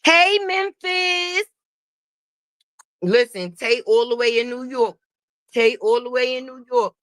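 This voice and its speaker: A woman hosting a casual gossip commentary stream, profane and animated, talking straight to her viewers. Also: a little high, normal speed, dry recording, studio quality. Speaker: host.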